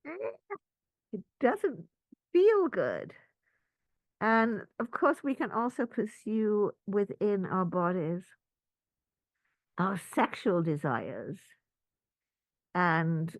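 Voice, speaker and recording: A woman's voice: fairly low pitch, slow, no echo, rough recording. A woman spiritual teacher giving a talk to a group, telling stories and acting out little asides. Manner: storytelling with lively acted-out asides.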